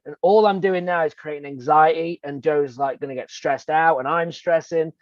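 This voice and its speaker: A man's voice: a little high, fairly even intonation, normal speed, hardly any pauses, no room sound, dull audio. A man co-hosting a coaching talk, explaining earnestly with examples and rhetorical questions. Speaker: real estate coach and co-host.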